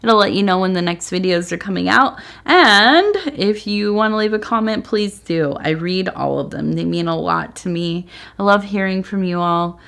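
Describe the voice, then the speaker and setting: A woman's voice: lowish voice, moderate pace, gravelly, a bit bright. A middle-aged woman hosting a casual tea leaf reading, rambling and meandering with lots of fillers. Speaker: tea leaf reader, channel host.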